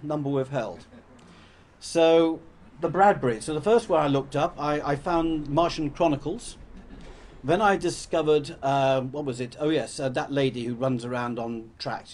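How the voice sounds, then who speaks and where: A man's voice: mid-range voice, a little mellow, slight background noise. An older man from England gives a rambling, anecdotal talk to an audience, often correcting himself as he goes. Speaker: public speaker.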